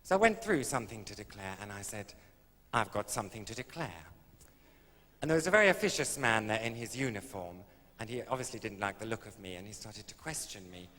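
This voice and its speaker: A man's voice: on the low side, lively intonation, quick pace, few pauses, bright, forceful tone. Man, stand-up comedian, camp and arch, innuendo-heavy delivery, long hall echo. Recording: echoey old live stage recording with faint hiss.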